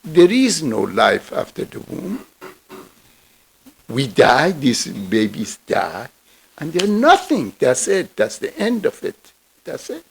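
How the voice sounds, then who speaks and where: A man voicing a skeptical tiny male being in a told parable, scoffing and dismissive, in a gravelly voice. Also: fairly high pitch, huge pitch swings, normal speed, hardly any pauses, a little hiss or hum, pitched above the performer's own voice, heavily acted. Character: scornful skeptical tiny womb-dweller, male.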